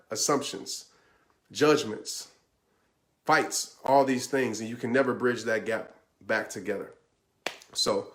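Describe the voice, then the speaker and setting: A man in a mid-range voice gives motivational advice on relationships. He speaks earnestly and conversationally, addressing listeners directly and stressing his points with repeated promises. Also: mid-range voice. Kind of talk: motivational talk answering a question.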